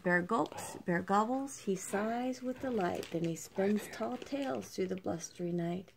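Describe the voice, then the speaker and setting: An older woman reads a picture book to her grandchild at an unhurried pace, her voice gravelly with fry. She is gentle and soft, slipping into quiet asides between the lines, with a faint hiss behind her. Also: medium pitch. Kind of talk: reading a picture book aloud.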